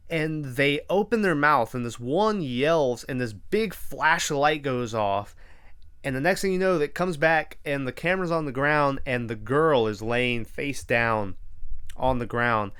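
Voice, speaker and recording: A man's voice: a little high, fairly bright tone, clear, resonant tone, dry recording, studio quality. A man hosting a podcast, casually retelling a horror film with lots of swearing and quoted reactions. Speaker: podcast host. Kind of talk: casual movie recap.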